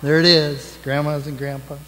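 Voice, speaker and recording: A man as pastor giving the children's message in church, gently asking the kids questions. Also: a little high, little pitch movement, normal speed, big-room sound, rough recording. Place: church sanctuary.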